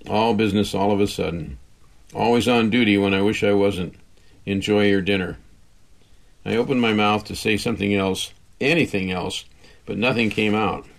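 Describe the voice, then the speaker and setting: A man's voice: fairly low pitch, steady tone, normal speed, creaky. A man narrating an audiobook in the first person, in a wry, conversational way.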